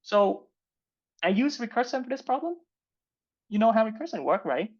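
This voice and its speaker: A man's voice: very animated, very slow, exaggerated voice. A man playing an unsure job candidate with rising endings. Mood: uncertain, questioning. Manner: ends every sentence on a rising high note. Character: hesitant job candidate, adult male, unsure. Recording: muffled lo-fi recording.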